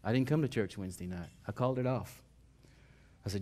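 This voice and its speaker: A male pastor preaching a sermon in a folksy, conversational way, rising to loud emphatic passages and dropping to quiet personal storytelling. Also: on the low side, fairly quick, long pauses.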